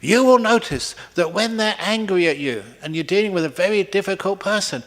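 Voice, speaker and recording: A man speaks as a monk giving a public talk, playful and a little cheeky. He keeps changing his pitch and pace, rising high and then dropping low and slow. His voice carries a long reverb from a large hall. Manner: playful, varies pitch and speed for effect.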